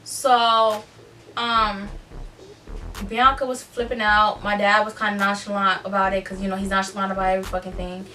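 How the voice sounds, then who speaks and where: A young woman vlogger telling a personal story in a candid, profane, animated way. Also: medium pitch, moderate pace, recorded from a distance, a little hiss or hum. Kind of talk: casual storytime. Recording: voice off-mic with faint music.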